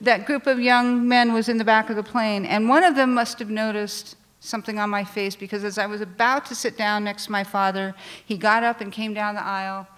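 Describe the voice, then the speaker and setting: A woman telling a personal story on stage at a live storytelling show, animated and self-deprecating, with frequent restarts. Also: medium pitch, fairly quick, few pauses, clean tone. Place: theater stage before a live audience.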